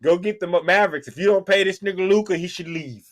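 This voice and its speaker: A man's voice: high voice, fast talker. A man hosting a sports podcast, ranting casually in a heated, profane way. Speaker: podcast host. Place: podcast studio.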